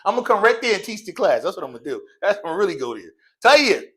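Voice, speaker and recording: A man's voice: sits high, very animated, racing, fairly bright tone. A man teaching an Arabic class in a mosque classroom, drilling students in call and response, joking and laughing often in slangy casual speech.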